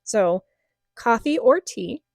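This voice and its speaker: A woman hosting a podcast in casual chat, asking questions in a steady, reflective way. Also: a little high, slow pace, creaky, no room sound, clean studio sound. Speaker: podcast host.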